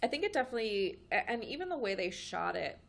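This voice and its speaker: A woman's voice: fairly high pitch, big pitch swings, fast, gravelly, a little hiss or hum. Woman cohost rambling about movies, opinionated, laughs a lot, voice goes up and down loads. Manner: chatty, laughs often, opinionated. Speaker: podcast co-host. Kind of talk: casual pop-culture chat.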